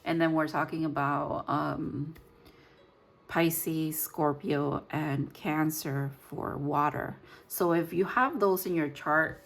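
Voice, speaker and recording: A woman's voice: sits low, steady tone, slow pace, gravelly. A woman giving a casual tarot reading, rambling and searching for her words with frequent fillers. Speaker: tarot reader.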